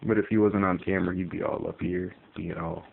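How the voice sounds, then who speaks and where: Here a Connecticut pet owner's gravelly, low-pitched voice stays steady in tone as he talks fairly quickly and loosely about his pet in a phone vlog, peppered with fillers. A little hiss or hum sits under the tinny, faintly ambient recording.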